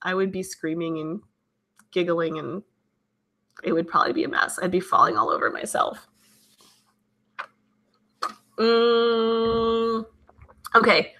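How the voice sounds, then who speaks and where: Female host, 30s, bright voice, casual live-chat reader, giggly and emotional. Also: medium pitch, fairly even intonation, measured pace, pauses often. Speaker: livestream host reading chat.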